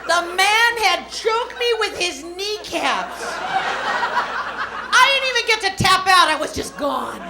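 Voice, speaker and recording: A woman's voice: extremely high pitch, sing-song, unhurried, very noisy. A married woman doing stand-up comedy, telling stories in a chatty, playful way. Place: comedy club stage before a live audience.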